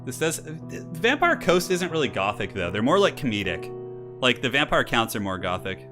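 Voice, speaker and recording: A man's voice: medium pitch, sing-song, normal speed. A man hosting a game tournament stream in casual live commentary, chatty and rambling and laughing often. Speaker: tournament stream host and caster. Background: faint classical music playing.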